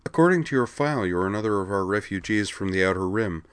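This lowish male voice is expressive and fast, with a clear, resonant tone and light acting in a dry recording. In an audiobook, he plays a prim, formal school counselor, an adult woman who politely pries with probing questions and gets flustered easily.

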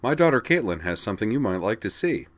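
A man's voice: lowish voice, sing-song, fast, dry recording. A personable, amused woman hostess with a raised voice, as a man reading a storybook puts her on. The sound is dry and close, with nothing behind it. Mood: friendly.

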